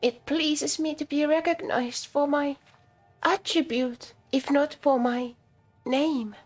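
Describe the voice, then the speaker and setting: A woman voicing a wretched, rag-covered female spirit-lord who speaks in a rasp, slow and solemn, as part of a storybook reading. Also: high-pitched, fairly even intonation, soft background music, pitched above the performer's own voice. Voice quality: rasping.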